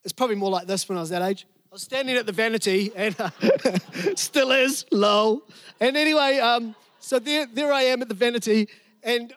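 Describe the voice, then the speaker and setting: A man preaching a sermon, telling a personal story with animated emphasis and repeated phrases. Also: sits high, dry recording, studio quality. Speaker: pastor. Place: church service room.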